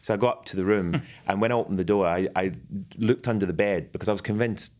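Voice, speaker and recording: A man with a very low voice spins a long, lively anecdote as a guest on a chat show. He laughs often and keeps a loose, conversational flow. He is middle-aged. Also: fast. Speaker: former royal butler guest.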